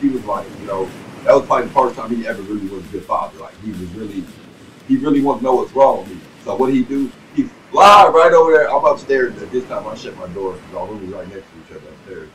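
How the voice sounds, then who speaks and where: A vlogger tells his life story in a quick, profane, rambling monologue, swinging from loud bursts to low muttering and peppering it with "you know what I'm saying." The mic sits a bit distant, picking up faint background noise and light hiss.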